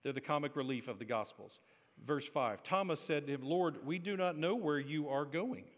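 A man's voice: on the high side, moderate pace. A man preaching a sermon as pastor, conversational and joking, building to emphatic peaks. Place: church sanctuary. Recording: hall reverb.

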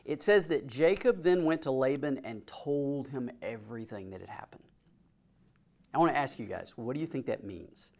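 A man's voice: mid-range voice, expressive, moderate pace, gravelly, a little mellow. A man teaching a Bible class in a casual way, reading scripture and asking the group questions. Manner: asks the group questions, informal.

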